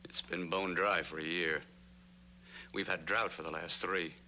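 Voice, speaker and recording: An actor playing an anxious homesteader and family man who speaks slowly and pleadingly, in an old TV western. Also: sits low, little pitch movement, pushed and bright, slight background noise, exaggerated voice. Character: worried male homesteader, husband and father. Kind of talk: 1960s TV western acting.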